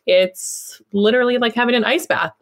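A woman's voice: on the high side, moderate pace. A woman co-hosting a podcast, chatting casually, laughing often and acting out her inner voices. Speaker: podcast co-host.

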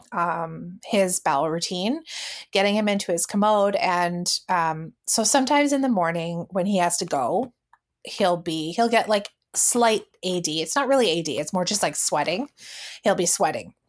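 A woman's voice: lowish voice, moderate pace. A woman co-hosting a casual podcast, speaking reflectively, laughing often and acting out voices she quotes. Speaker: podcast co-host.

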